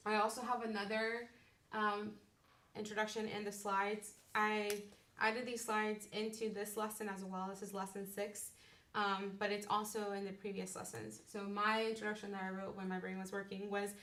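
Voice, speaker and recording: A woman's voice: medium pitch, little pitch movement, normal speed, pushed and bright. Teacher woman lecturing from across a roomy classroom. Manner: explains step by step, checks in with the class. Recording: roomy, distant classroom recording.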